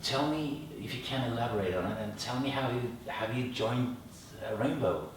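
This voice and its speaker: A man's voice: mid-range voice, moderate pace. A man interviewing a guest, asking questions with some hesitation and repeated words. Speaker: interviewer, host. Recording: echoey room, from far off, faint noise.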